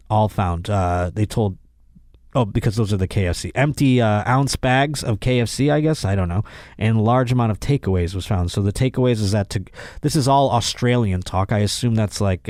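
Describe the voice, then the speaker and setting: A man's voice: fairly low pitch, darkish tone, no echo, studio quality. A young man hosting a comedic news podcast, reading odd crime stories and riffing on them with sarcastic, exasperated asides. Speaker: podcast host.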